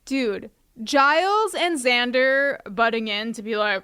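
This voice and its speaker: A woman's voice: on the high side, lively intonation, slow, pushed and bright, clear, resonant tone, no room sound, studio quality. A woman co-hosting a podcast in casual chat, with a wry, questioning delivery, recorded over a video call. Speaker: podcast co-host.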